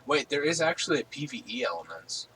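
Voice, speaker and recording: A man's voice: mid-range voice, very animated, fast talker, pushed and bright, a little hiss or hum, low-quality recording. A man hosting a casual gaming stream from home on a headset, rambling easily with lots of fillers. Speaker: streamer host.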